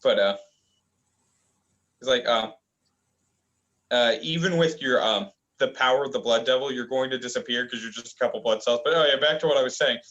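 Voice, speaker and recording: A young man co-hosting a casual review chat, rambling and halting with lots of fillers. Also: mid-range voice, fairly bright tone, lo-fi sound. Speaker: manga review co-host.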